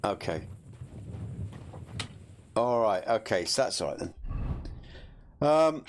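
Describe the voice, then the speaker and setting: A man's voice: fairly low pitch, very animated, takes it slowly, slight background noise. A man giving casual gameplay commentary, chatty, laughing often and self-deprecating. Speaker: gameplay streamer.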